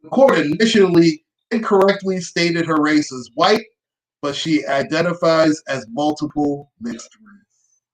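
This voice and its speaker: A woman's voice: deep voice, measured pace, poor audio. A woman hosting her own show, reading out a news report and adding dry, sarcastic asides. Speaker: host. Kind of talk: reading news aloud with commentary.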